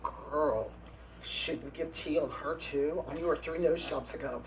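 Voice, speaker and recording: A man's voice: fairly high pitch, unhurried, slight background noise. A man, a drag performer, telling catty backstage stories in a casual, gossipy interview, breaking into laughs and gasps.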